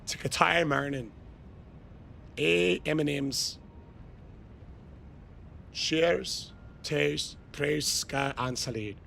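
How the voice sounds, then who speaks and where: A man streaming a game live, loudly toasting and thanking his chat with shouted cheers. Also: on the high side, extremely slow, vocal fry, pauses often, slight background noise. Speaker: gaming streamer.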